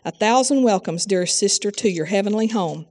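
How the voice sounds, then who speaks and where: A woman's voice: mid-range voice, normal speed, a little mellow, lightly acted. A woman reading aloud the tender lines of a loving older brother during a sermon. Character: gentle grown man, tender loving brother.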